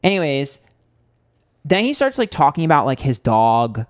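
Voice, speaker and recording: A man's voice: on the high side, sing-song, moderate pace, clean tone, no room sound, studio quality. A young man hosting a tarot livestream, telling a date story in a blunt, sarcastic, gossipy way with plenty of fillers. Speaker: tarot reader and livestream host.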